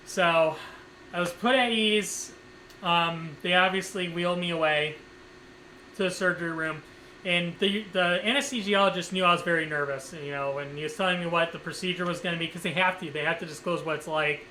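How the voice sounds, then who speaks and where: A man's voice: on the high side, fairly quick, pushed and bright, a little hiss or hum, low-quality recording. A man vlogger telling a casual story time, rambling with lots of fillers and swearing freely.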